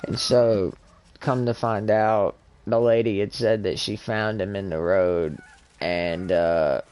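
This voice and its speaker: Deep-voiced young man, halting and emotional. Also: steady tone, darkish tone, clean tone. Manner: halting, emotional, many restarts and fillers. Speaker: streamer. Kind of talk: casual storytelling.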